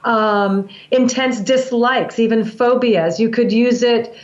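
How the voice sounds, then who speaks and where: This breath work practitioner talks slowly, her voice a little high, as she sincerely lays out her practice for an interviewer while repeatedly restarting sentences. Her audio is lo-fi, dull, and echoey.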